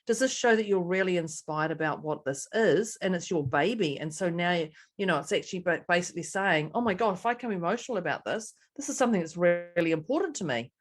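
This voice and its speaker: A woman co-hosting a casual podcast and working as a coach, telling stories with lively acted-out dialogue. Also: lowish voice, fast talker, hardly any pauses. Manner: animated storyteller acting out dialogue.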